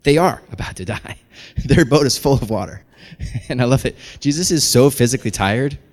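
Animated preacher man in a reverberant hall. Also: mid-range voice, moderate pace. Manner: animated, climbs to shouting intensity. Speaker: pastor. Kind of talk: sermon.

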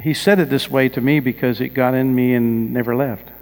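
A man's voice: medium pitch, fairly even intonation, fairly quick, darkish tone. A male pastor preaching a sermon, telling personal stories with rising emphasis and asking the congregation questions. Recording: long reverb of a large hall.

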